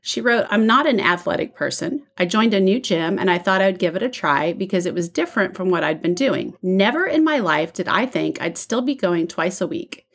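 A woman's voice: lowish voice, animated, normal speed, hardly any pauses, fairly bright tone. Woman podcast co-host, casual. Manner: conversational, uses fillers like "like" and "I don't know". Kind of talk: casual chat, reading listener letters.

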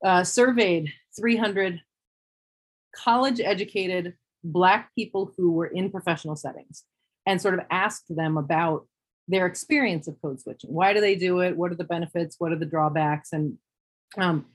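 Give me a husky-voiced woman in casual discussion, wry and reflective, trailing off and restarting. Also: lowish voice, moderate pace. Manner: thoughtful, wry, many restarts.

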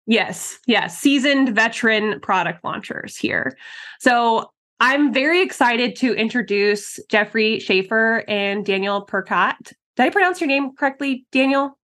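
A woman's voice: on the high side, animated, a little slow, fairly bright tone. A woman hosting a marketing webinar in a bubbly, casual way, with lots of fillers and laughs. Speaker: podcast host.

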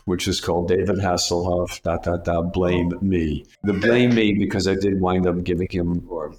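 Older male guest, deep low voice, spins lively showbiz anecdotes and slips into quoted voices; casual interview storytelling. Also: normal speed. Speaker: retired casting director, guest.

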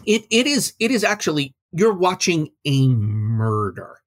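Male podcast co-host, playful and chatty, slightly high voice, dry close sound. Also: big pitch swings, unhurried, dry recording. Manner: jokey, playful asides. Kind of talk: casual film discussion chat.

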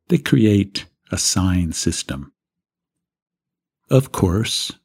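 A man who teaches a business course, giving a scripted lecture in a measured way and posing rhetorical questions. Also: deep voice, darkish tone, husky.

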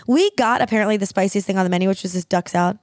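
A woman in her thirties co-hosting a podcast, telling stories in an animated, casual way and swearing a lot. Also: mid-range voice, racing, no room sound, studio quality. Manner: animated storytelling, heavy swearing. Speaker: podcast co-host. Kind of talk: casual chat.

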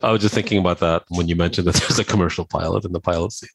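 A man's voice: deep voice, fairly even intonation, racing, gravelly, a little hiss or hum. A man on a podcast explaining an idea in thoughtful casual chat.

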